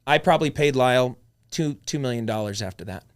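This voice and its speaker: A man telling his story as a podcast guest, blunt and animated, swearing freely as he talks. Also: medium pitch, quick pace, smooth. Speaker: podcast guest, real estate investor. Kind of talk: casual storytelling chat.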